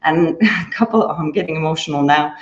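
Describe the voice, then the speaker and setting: A woman's voice: sits low, brisk. Woman, chatty dance teacher, thanks viewers by name, echoey room, muffled stream audio. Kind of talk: live-stream chat after class. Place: indoors at home.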